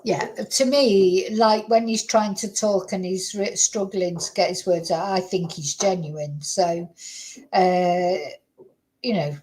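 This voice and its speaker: A woman's voice: mid-range voice, fairly even intonation, slow pace, darkish tone, low-quality recording. A woman hosting a casual livestream chat, rambling and thinking aloud as she talks. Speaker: host.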